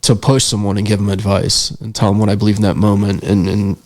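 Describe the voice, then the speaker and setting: A man's voice: lowish voice, little pitch movement, fast talker, a little mellow. A young man, a podcast guest and filmmaker, telling a story in a casual interview, earnest and reflective with many fillers.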